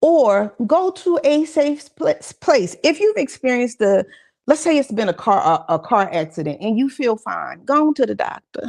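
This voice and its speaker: A woman speaks at a church gathering about mental health, her voice carrying a gravelly, fry-tinged edge. She talks in a conversational, encouraging way and keeps turning to the listeners with casual asides. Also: fairly high pitch, sing-song, normal speed, a little mellow. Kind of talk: church talk session. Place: church gathering with audience responses.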